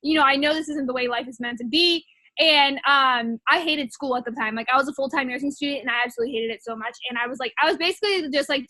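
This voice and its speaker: Here a network marketing distributor, a young woman, recounts her own story with a bright, high-pitched voice. Her delivery is loose and rambling, packed with fillers. It's miked up close, dry, without any echo or room tone.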